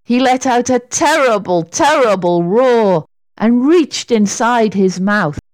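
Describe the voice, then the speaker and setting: A woman narrating a children's storybook with an expressive, deliberate delivery. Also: mid-range voice, no echo.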